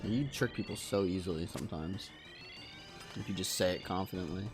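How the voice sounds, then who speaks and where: A man's voice: low-pitched, brisk. A young man from Washington State streaming a game, chatting casually and answering his chat in a laid-back, rambling way. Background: game music.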